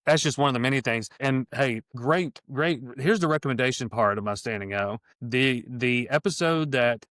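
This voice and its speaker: Casting: middle-aged male podcast host, smooth clear voice, eager, rambling delivery, dry close mic. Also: medium pitch, normal speed, a bit bright, no echo. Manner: enthusiastic, rambling with restarts. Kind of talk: casual sports podcast chat.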